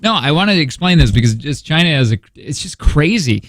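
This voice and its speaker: A man's voice: a little high, sing-song, a little fast, fairly bright tone, dry recording. A man hosting a morning radio show, joking and laughing often through rambling casual banter in a studio. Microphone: studio microphone.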